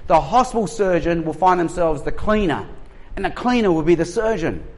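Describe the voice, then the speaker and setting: An Australian man in his forties preaching a sermon as pastor, lively and humorous, with joking asides and acted-out quotes. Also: a little high, normal speed. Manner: animated, humorous storytelling.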